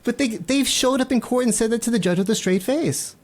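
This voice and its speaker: A woman's voice: fairly high pitch, a little fast, darkish tone. A woman co-hosting a podcast, chatty and amused as she tells a story. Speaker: co-host. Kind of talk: casual chat.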